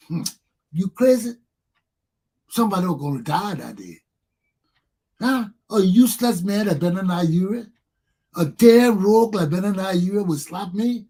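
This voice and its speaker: Older man ranting, husky high voice. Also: moderate pace, dark tone. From Liberia. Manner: ranting, profane, repetitive. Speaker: talk show host. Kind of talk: angry monologue.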